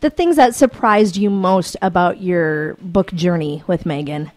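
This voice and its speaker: A woman's voice: on the low side, unhurried. A young woman co-hosting a casual radio show, bubbly and laughing often. Her voice sits mid-range and sounds close and dry, with no room echo. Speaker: radio co-host.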